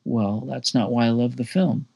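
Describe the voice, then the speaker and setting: A tender, wry young woman, as a male narrator reads her lines in a storybook reading. Soft and understated, with a gravelly edge to the voice. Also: mid-range voice, steady tone, normal speed.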